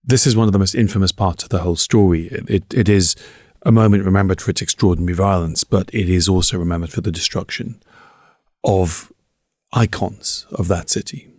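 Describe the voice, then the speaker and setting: A man with a very deep, low voice co-hosts a history talk. He is thoughtful and stacks his points one after another. The recording is close and dry, with no room sound. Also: brisk, a little mellow, no room sound. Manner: thoughtful, builds points in lists. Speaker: co-host. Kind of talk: history discussion.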